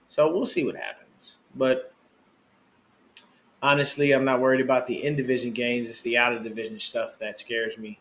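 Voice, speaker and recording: Animated man on a fan podcast. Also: medium pitch, fairly quick. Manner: animated, laughing, slangy fan talk. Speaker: podcast co-host. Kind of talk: casual sports podcast chat.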